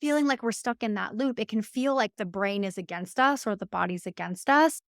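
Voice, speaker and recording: A woman's voice: medium pitch, brisk, no echo, clean studio sound. A woman hosting a podcast, speaking in a reflective, casual way about spiritual growth. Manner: reflective, thinks aloud with many "like"s. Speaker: podcast host.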